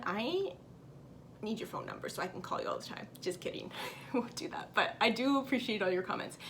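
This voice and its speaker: A woman's voice: fairly high pitch, a bit bright, a little hiss or hum. A woman hosting a cross-stitch vlog, chatting upbeat to camera and reading out viewer comments at home. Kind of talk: casual chat to camera.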